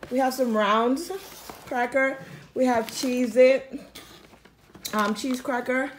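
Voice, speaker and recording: A woman with a fairly high, steady voice speaks slowly with long pauses over a noisy background. She's a vlogger showing off a grocery haul, casually rambling to the camera with plenty of ums as she unpacks at home, while bags crinkle and clicks sound behind her.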